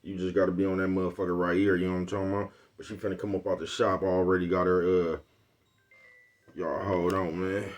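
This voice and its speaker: Laid-back, boastful man with a lowish voice. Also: little pitch movement, quick pace. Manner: laid-back, boastful, keeps asking "you know what I'm talking about"; chuckles between phrases. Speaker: vlogger, own channel. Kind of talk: casual rambling vlog talk.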